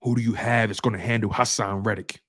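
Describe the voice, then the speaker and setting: A man's voice: fairly low pitch, steady tone, quick pace, fairly bright tone. A man hosting a live-streamed football show, talking in an emphatic, repetitive trash-talk style full of slang. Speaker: sports show host.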